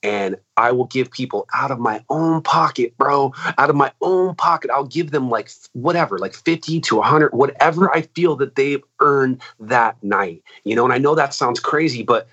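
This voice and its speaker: A man's voice: medium pitch, normal speed, few pauses, fairly bright tone, breathy edge. Man, musician, casual chat, rambling, profane, muffled lo-fi sound. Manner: rambling and profane, full of "like" and "dude". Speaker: musician in a band.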